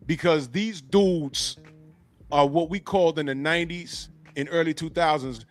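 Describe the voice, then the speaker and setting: Podcast co-host, a man with a high voice, mocking and profane, faint music under him. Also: a little slow. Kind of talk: casual podcast banter.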